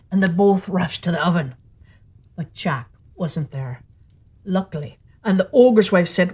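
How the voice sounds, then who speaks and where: Woman storyteller, lively read-aloud fairy tale narration. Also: on the low side, unhurried, long pauses, breathy edge.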